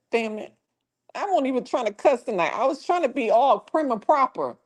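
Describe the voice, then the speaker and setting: A woman's voice: high-pitched, big pitch swings, normal speed. A woman hosting a casual livestream who talks profanely and scolds trolls in her chat in a confrontational tone. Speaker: livestream host.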